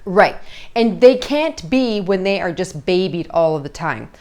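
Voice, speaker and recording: A woman's voice: on the low side, lively intonation, a little slow, a little mellow. Middle-aged woman, parenting coach, chatty, keeps checking in with listeners. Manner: conversational, checks in constantly with "okay?" and "all right?". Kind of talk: casual coaching talk.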